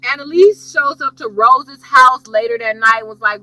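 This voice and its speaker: A woman's voice: high-pitched, normal speed, hardly any pauses, bright, forceful tone, no room sound, distant mic, poor audio. A young woman chatting casually as she recaps a TV episode, slangy and storytelling. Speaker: TV episode reviewer.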